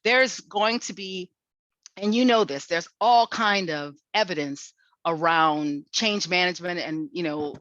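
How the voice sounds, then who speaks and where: A woman's voice: fairly low pitch, a little slow, dry recording, dull audio. A woman giving a seminar lecture, telling workplace stories and acting out the quoted conversations. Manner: lively storytelling, acts out quoted exchanges.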